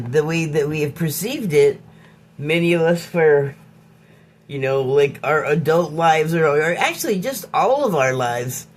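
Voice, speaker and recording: A woman hosting her own podcast, speaking in an unscripted, reflective monologue. She talks in a halting, musing way, often pausing to search for words and restarting her phrases. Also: low-pitched. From Hollywood, United States. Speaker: podcast host.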